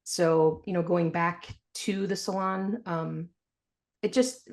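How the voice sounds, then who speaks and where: A low-pitched woman with a gravelly texture speaks as a guest on a podcast. She tells her story frankly and with animation, laughing easily even through hard memories. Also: takes it slowly. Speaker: podcast guest, financial planner. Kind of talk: candid storytelling interview.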